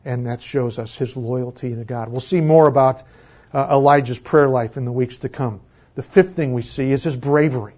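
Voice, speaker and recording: A man preaching a sermon in a church, swinging between loud exclamations and hushed near-whispers. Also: mid-range voice, normal speed, highs cut off. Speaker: pastor.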